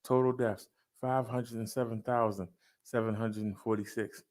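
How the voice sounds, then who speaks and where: A man running through daily figures in a casual vlog, talking straight to his viewers and drawling key phrases loudly for emphasis. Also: on the low side, steady tone, normal speed. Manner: talks to viewers, says "y'all". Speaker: fitness vlogger. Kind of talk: casual daily stats rundown.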